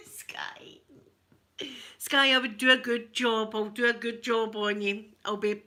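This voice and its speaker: A middle-aged Scottish woman chatting casually with live viewers on an ASMR stream, giggly and rambling, often dropping to soft whispers. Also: on the high side, steady tone, a little slow. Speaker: ASMR creator.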